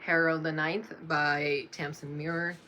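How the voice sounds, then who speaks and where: A young woman reading off a list of books in a casual vlog, slow and unhurried, often apologizing with a soft laugh. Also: low voice, level tone, muffled recording, a little hiss or hum. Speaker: book vlogger.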